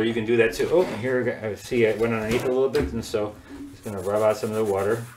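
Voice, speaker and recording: A man teaching a casual watercolor paint-along, chatty and quick to laugh while he works. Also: mid-range voice, darkish tone. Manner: chatty, laughs often, talks while working. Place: home studio. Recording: echoey room.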